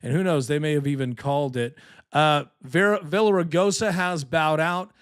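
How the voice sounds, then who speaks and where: A man hosting a casual live election podcast, rambling and sarcastic, tired from little sleep but excited. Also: fairly high pitch, normal speed, clear, resonant tone. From California. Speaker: political podcast host.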